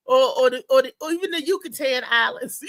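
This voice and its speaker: A woman's voice: high voice, fairly quick. A woman hosting a live talk show, chatting casually and telling rambling stories with a lot of laughter. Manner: animated rambling storyteller, laughs often.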